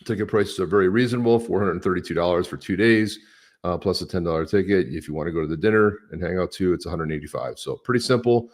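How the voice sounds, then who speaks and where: A man's voice: sits low, fast talker. A man co-hosting a live stream, chatting casually and upbeat, greeting viewers by name. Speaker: podcast co-host.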